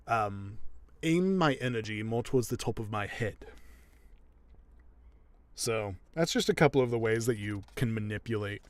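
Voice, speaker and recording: A man who narrates audiobooks, casually explaining voice technique in a relaxed, chatty way. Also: medium pitch, no echo. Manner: relaxed, explanatory, with self-corrections.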